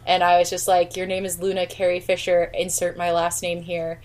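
A chatty woman co-hosts a casual podcast, drifting from one tangent to the next. Her voice sits somewhat low, and she breaks into laughter often. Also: completely flat delivery, fairly quick, darkish tone. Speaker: podcast co-host. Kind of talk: casual chat.

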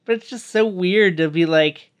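Wry, smooth-voiced man. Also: high-pitched, normal speed. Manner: wry, sarcastic asides. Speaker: podcast co-host. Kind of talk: casual chat.

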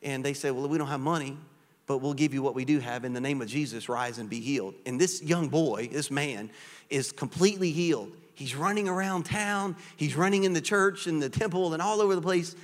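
A man preaches to his congregation, animated and conversational, peppering his talk with rhetorical questions. His voice sits a little high for a man. The sound carries the long reverb of a church sanctuary. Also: a little fast. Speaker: pastor. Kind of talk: sermon.

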